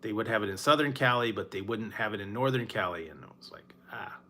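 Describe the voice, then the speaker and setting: Laid-back rambling man, bright voice. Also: lowish voice, fast talker, slight background noise. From Northern California. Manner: rambling, laughs often, sighs. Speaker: food reviewer. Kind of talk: casual late-night chat.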